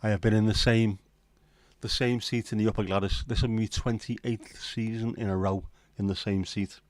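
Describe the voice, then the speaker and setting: Low-voiced middle-aged man rambling late at night. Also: steady tone, moderate pace, no echo. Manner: swearing, rambling banter with chat. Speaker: livestream host. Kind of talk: casual late-night livestream chat.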